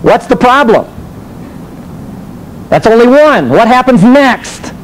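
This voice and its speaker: Guy giving a teaching sermon, high lively voice, faint rumble behind. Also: takes it slowly, low-quality recording. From United States. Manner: animated storytelling with rhetorical questions. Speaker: teacher and minister.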